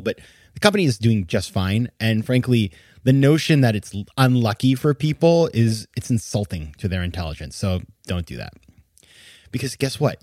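A man in the middle of his pitch range hosts a podcast with a casual, emphatic tone, exasperated and breaking into laughs now and then. The sound is dry and close, with no room echo. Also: darkish tone. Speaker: podcast host. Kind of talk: casual commentary.

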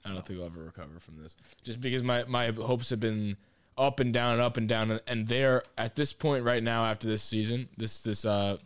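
A man co-hosting a casual sports podcast, excitable and swearing freely as he rambles. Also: mid-range voice, fairly quick, clean tone, dry recording, studio quality. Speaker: podcast co-host.

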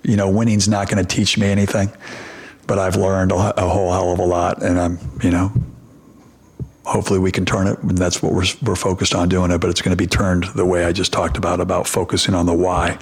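A man's voice: low-pitched, little pitch movement, brisk, husky. A middle-aged man, a basketball coach, answering press questions and telling a long story with many restarts and fillers.

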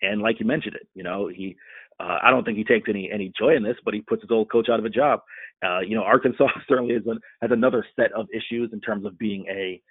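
Fast-talking man on a phone-thin line. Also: on the low side, dry recording. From Florida. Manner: quick, chatty, "you know" fillers. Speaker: podcast co-host. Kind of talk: casual sports podcast chat. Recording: phone-like narrow sound.

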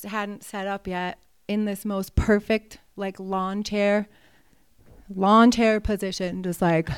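A woman and mountain guide telling a personal story, animated and vivid, acting out her own thoughts. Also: medium pitch, clear, resonant tone, no echo.

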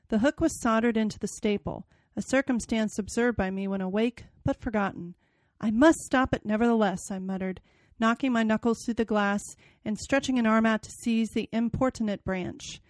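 Lively woman podcast host reading aloud. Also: fairly high pitch, no echo. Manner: expressive, dramatic reading with acted quotes. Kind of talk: casual chat and reading aloud.

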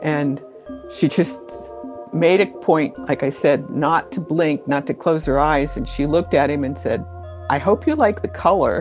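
A middle-aged woman being interviewed, recounting her childhood memories in a measured way that slows down at the key moments. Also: low voice, steady tone, darkish tone, faint music behind. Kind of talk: storytelling interview.

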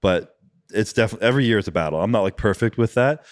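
A man's voice: on the low side, lively intonation, very fast, no room sound. A man talking as a podcast guest about his competitions, rambling with lots of "like" and casual swearing. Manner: rambling, fillers of "like", frequent swearing.

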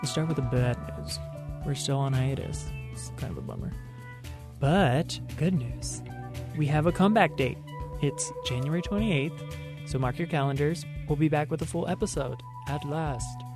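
A man's voice: fairly high pitch, normal speed, over music. A young man hosting a pop culture podcast on his own, delivering sarcastic commentary full of joking asides. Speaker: podcast host.

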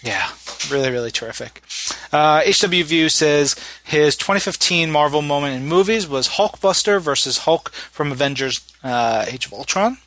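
A man's voice: fairly high pitch, dry recording. A man hosting a podcast, chatting casually and reading out listener messages with plenty of fillers. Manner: relaxed, chatty, many fillers. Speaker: podcast host.

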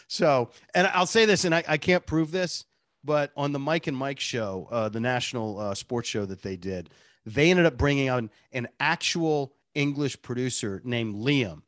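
A man, a radio show producer, telling animated stories in casual interview chat and laughing often. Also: mid-range voice, moderate pace, dry recording, studio quality.

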